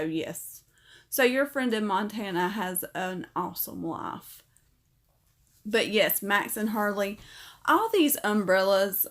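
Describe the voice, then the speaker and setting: A woman in her thirties with a Southern accent, chatting casually on a livestream and reading comments out loud. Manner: chatty, upbeat, talks to her parrot in a high voice. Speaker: livestream host.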